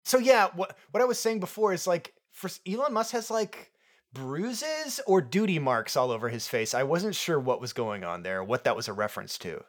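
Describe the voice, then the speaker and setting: A man co-hosting a film review podcast in casual chat, talking in an animated, jokey way and laughing often. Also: a little high, normal speed. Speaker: podcast co-host.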